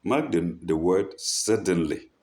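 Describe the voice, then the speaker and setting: A man's voice: deep voice, lively intonation, takes it slowly, a little mellow. A man teaching from a text, reading a passage aloud, repeating phrases and stopping to explain them. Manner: breaks off to mimic speakers in a raised voice. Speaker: religious teacher.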